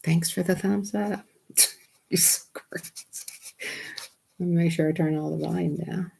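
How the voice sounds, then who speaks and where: A woman, hosting a casual livestream from home at night on a desktop computer mic. She chats excitably with her viewers and laughs often. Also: lowish voice, a little slow, vocal fry, husky. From Southern United States. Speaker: livestream host.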